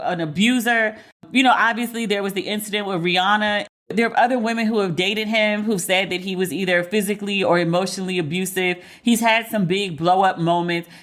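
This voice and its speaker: A middle-aged woman hosting a podcast, giving blunt, profane commentary and animated stories full of quoted dialogue. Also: mid-range voice. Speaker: podcast host. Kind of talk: candid solo commentary.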